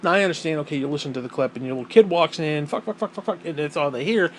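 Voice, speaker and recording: On a poor-quality recording with slight hiss or hum, a man speaks very fast in a slightly high voice. He hosts his own show and delivers an animated, profanity-laced opinion rant, his pitch climbing whenever he gets indignant.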